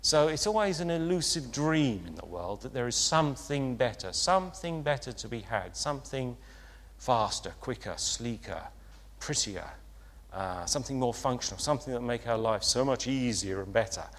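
A man's voice: mid-range voice, expressive, moderate pace, fairly bright tone. A man preaching an informal sermon, chatty and hesitant, with frequent fillers and restarts. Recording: long hall reverb.

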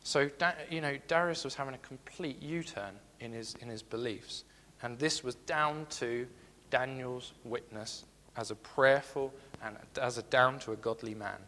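A man's voice: medium pitch, unhurried, few pauses, bright, forceful tone, big-room sound. A man giving a sermon, earnest and repeating his key phrases as he reads scripture aloud. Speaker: preacher.

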